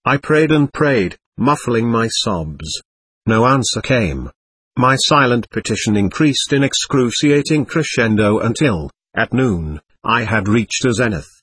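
Husky male audiobook narrator. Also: medium pitch, animated, a little slow, a bit bright, dry recording.

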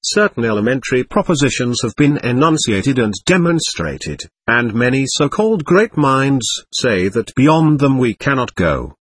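A man narrating an audiobook in a measured, even reading style. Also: mid-range voice, slightly rough, dry recording.

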